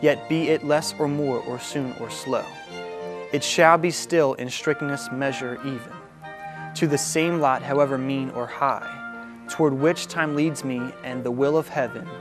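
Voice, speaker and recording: A man reciting a poem in a measured, deliberate reading. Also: medium pitch, steady tone. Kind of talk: poetry recitation. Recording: violin music under voice. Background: violin music.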